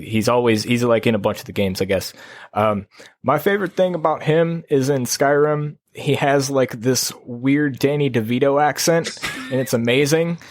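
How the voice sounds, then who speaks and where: A man co-hosting a podcast in casual chat, low-key and laid-back, rambling through stories with a tired edge. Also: no room sound, studio quality. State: sleepy. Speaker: podcast co-host.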